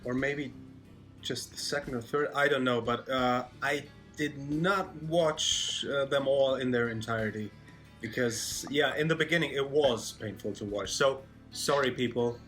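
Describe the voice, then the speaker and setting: A man's voice: mid-range voice, a little slow, fairly bright tone, soft background music. A man co-hosting a casual podcast, joking and a little hesitant. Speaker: podcast co-host. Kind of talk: casual chat.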